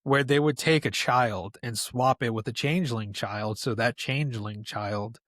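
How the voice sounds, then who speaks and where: A man, a podcast guest telling a childhood story in a casual, animated way and laughing often. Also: mid-range voice, a little slow, no room sound, studio quality. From New York, USA.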